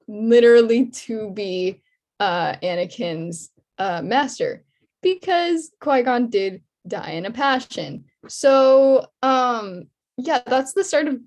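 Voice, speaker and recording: A young woman talking casually as a podcast co-host. Her voice sits a bit high, and she rambles through her points with lots of fillers and laughter. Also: a little mellow. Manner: chatty, many fillers and laughs. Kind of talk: casual chat.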